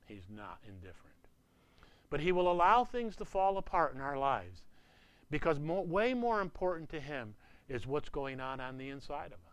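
A pastor in his sixties delivers a sermon in an easy, conversational way, leaning on "you know" between thoughts. His voice sits a little high for a man. He sinks to a near-whisper when he wants a point to land. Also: a bit bright.

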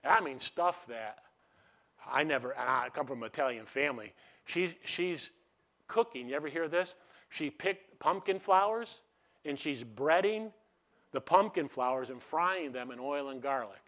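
A middle-aged man preaching a sermon as a pastor. He asks the congregation questions and lets them answer, and he swings between loud emphatic bursts and quiet asides. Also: fairly high pitch, animated, moderate pace. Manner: call-and-response questions to the congregation.

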